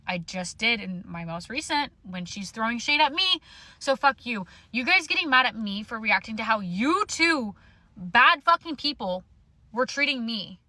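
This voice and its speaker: Young woman going off in an angry storytime rant, bit high and sharp, swearing a lot, dry close sound. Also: lively intonation, normal speed, dry recording. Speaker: social media storyteller. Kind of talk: heated storytime rant to camera.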